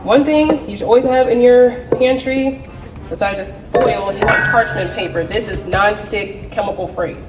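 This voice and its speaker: A woman's voice: medium pitch, normal speed, loud music behind the voice. A woman hosting a home cooking video, walking viewers through a recipe in a chatty, upbeat way. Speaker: home cook host. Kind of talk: casual cooking demonstration.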